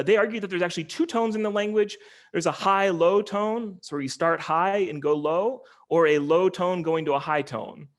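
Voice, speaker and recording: A man's voice: on the high side, a bit bright. Man lecturing with many ums. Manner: explanatory, many ums and restarts. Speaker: linguistics lecturer. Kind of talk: online academic lecture.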